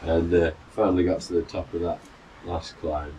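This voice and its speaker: In a warm, low voice with little pitch movement and a moderate pace, a middle-aged runner vlogger casually recounts a long run, rambling with fillers and restarts. He's on an outdoor balcony in the mountains, heard through a distant mic over noisy surroundings.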